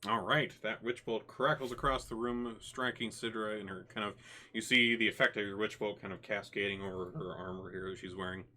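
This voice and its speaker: A man with a low, very bright and forceful voice runs a tabletop game as its game master. He narrates the action loosely, stopping often on fillers and restarts. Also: fairly even intonation, a little fast.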